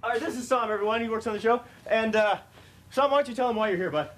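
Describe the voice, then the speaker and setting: A man's voice: high-pitched, fast talker, fairly bright tone. A man hosting a comedy sketch show, upbeat and stumbling over his words. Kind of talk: mock talk-show hosting.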